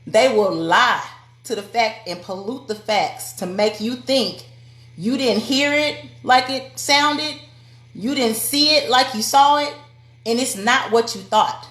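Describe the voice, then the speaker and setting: This woman's voice sits on the high side with a fairly bright tone. She preaches motivation to women over a live stream, speaking directly and calling out to her audience, and the recording has room echo.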